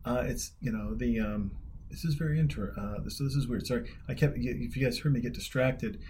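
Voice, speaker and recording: A man's voice: medium pitch, fairly quick, a little mellow, a little hiss or hum. A man from Montana hosting a casual reaction video, rambling and jokey with plenty of profanity and trailing restarts. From Montana, USA. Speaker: video host reacting to a film.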